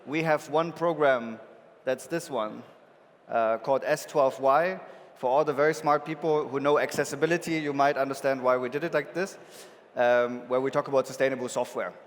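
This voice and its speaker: A man's voice: mid-range voice, fairly even intonation, normal speed, long reverb tail. A man with a German accent giving a casual, joking conference talk, with lots of filler ums. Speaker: conference speaker. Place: large conference hall.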